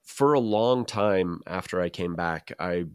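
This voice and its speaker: Very deep-voiced man, dry close mic. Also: measured pace, smooth, no room sound. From Utah. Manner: rambling, self-interrupting, dry jokes. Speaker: podcast co-host. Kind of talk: casual chat.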